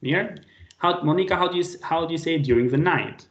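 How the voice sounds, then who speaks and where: Male language tutor, gravelly voice, patient, roomy echo on a video call. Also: a little high, a little fast, a bit bright, lo-fi sound, a little hiss or hum. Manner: patient, questioning students by name. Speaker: language teacher. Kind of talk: online class teaching.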